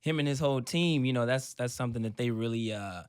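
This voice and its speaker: A man's voice: mid-range voice, quick pace, smooth, no echo. Laid-back joking man with a mid-range voice. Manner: relaxed, joking, many fillers like "you know". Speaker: actor on a TV cast panel. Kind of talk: casual interview chat.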